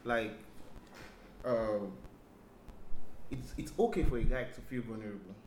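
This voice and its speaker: A man in a casual podcast debate, animated and argumentative, cutting in to make his point. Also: on the low side, measured pace, roomy sound, a little hiss or hum. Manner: animated, argumentative, jumps in loudly. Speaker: podcast guest.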